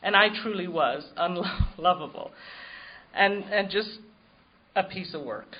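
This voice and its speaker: A woman's voice: on the low side, lively intonation, slow, slightly rough. Woman, recovery meeting speaker, wry self-mocking storyteller, personal testimony, dull muffled recording.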